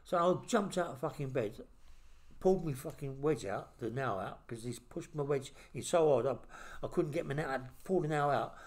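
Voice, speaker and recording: A man's voice: medium pitch, lively intonation, moderate pace, a little mellow. A middle-aged man, a podcast host telling a blunt, swear-filled story in casual chat.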